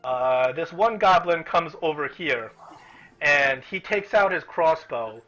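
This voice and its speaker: Bright-voiced male game master. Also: on the high side, lively intonation, slow, highs cut off, faint music behind. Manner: casual, with frequent restarts. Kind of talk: narrating a tabletop game.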